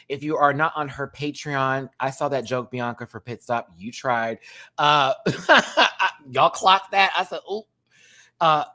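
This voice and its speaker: A man's voice: mid-range voice, sharp tone. A man who performs in drag, giving a sassy, slangy rant reviewing a reality show and thanking his viewers. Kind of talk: casual reaction rant.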